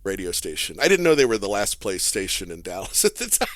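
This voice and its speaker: A man, a therapist and guest telling an animated story in casual podcast chat and laughing as he talks. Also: sits low, fast. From Texas. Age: 40s.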